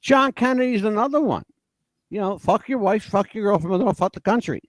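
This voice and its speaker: An animated male podcast host whose pitch swings up and down as he makes his points. He talks emphatically and swears freely, slightly higher-pitched than most men. The sound is dry and close. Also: brisk, no echo. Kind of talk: casual opinionated chat.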